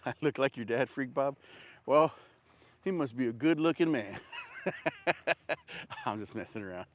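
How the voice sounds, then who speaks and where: A man's voice: medium pitch, slow pace, pauses often, no room sound. Breathless man livestreaming on a walk. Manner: talks while walking, panting. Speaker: barbecue vendor livestreaming. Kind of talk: casual livestream chat. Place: outdoors on a walk.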